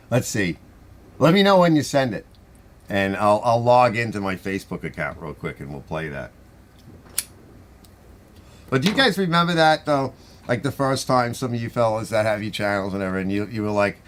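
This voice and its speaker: A man's voice: lowish voice, sing-song, moderate pace, long pauses. A middle-aged man with a New York accent hosts a live stream, chatting casually and answering viewer comments in a rambling, conversational way. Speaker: host of a garage channel live stream.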